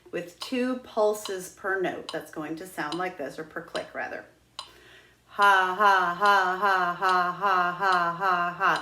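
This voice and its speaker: This flute lesson comes from a woman on the low side with a fairly bright tone, recorded in a roomy space with a little hiss or hum. She teaches patiently, demonstrating each step and launching into sung "ha ha" drills.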